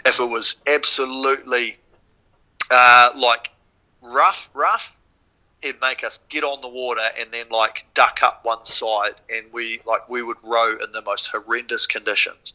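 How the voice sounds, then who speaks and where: A man with a New Zealand accent tells a story as a podcast guest in a loose, casual way. He swears freely and brings the scene back to life as he goes. His voice sounds very bright and forceful, and his pitch sits in an ordinary middle range. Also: a little slow, rough recording. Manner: swears freely, animated retelling. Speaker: podcast guest, former rower.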